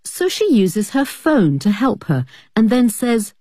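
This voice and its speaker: A woman's voice: a little high, very animated, takes it slowly, mellow, slightly rough, no room sound, studio quality. A woman presenting a scripted English lesson, narrating a scene and asking the listener questions about it.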